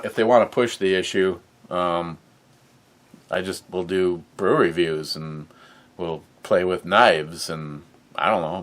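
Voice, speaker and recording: Slow, sarcastic man reading chat. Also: fairly low pitch, a bit bright, far from the mic. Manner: sarcastic, rambling, many fillers. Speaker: host reading live chat. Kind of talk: casual livestream chat.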